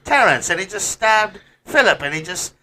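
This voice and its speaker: A man's voice: high voice, sing-song, normal speed, sharp tone, a little hiss or hum, pitched above the performer's own voice, exaggerated voice. A man doing a chirpy mock-Canadian nice guy. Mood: chirpy polite. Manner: chirpy, sing-song, apologetic. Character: overly polite cheerful Canadian bystander man.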